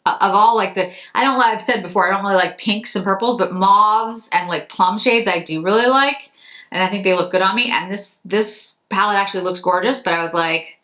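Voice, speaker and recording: Bright-voiced chatty woman beauty vlogger. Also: mid-range voice, a little fast. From Massachusetts, US. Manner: chatty, rambling, self-correcting. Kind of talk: casual chat.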